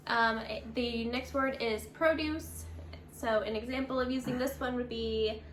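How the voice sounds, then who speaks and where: A woman with a fairly high voice introduces vocabulary briskly and reads out example sentences for a lesson. Her voice rings in an echoey room over faint background noise. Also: little pitch movement, fairly bright tone. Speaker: English teacher, co-host. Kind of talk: casual teaching.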